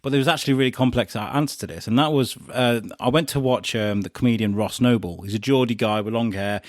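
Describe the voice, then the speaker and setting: A man tells stories in a relaxed podcast chat, animated and quick to laugh. His voice sits at an ordinary middle pitch. The sound is dry and close, with no room echo. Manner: animated storyteller, laughs often. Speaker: podcast host being interviewed. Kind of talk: casual chat.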